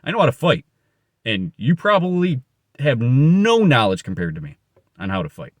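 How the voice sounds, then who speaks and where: A man's voice: medium pitch, huge pitch swings, normal speed, dry recording. A man giving an unscripted motivational monologue, blunt, boastful and profane, rambling and correcting himself as he goes. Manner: emphatic, rambling with self-corrections. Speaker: motivational speaker.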